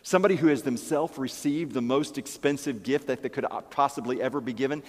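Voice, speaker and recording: A man's voice: mid-range voice, brisk, long reverb tail. A man preaching a sermon as pastor, emphatic and fond of repeating key phrases. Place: church.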